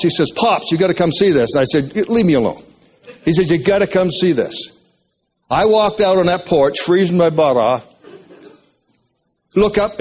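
An older man with a fairly high voice tells life stories in a folksy, joking way. He is a retired speaker from Maine, animated as he works through his anecdotes. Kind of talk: motivational storytelling talk.

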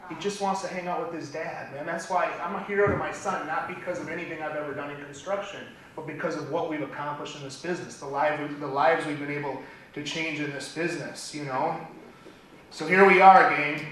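A middle-aged man giving an impassioned motivational speech at a business event, building to near-shouting. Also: a little high, fairly even intonation, a little fast. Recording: echoey hall from far off, faint noise.

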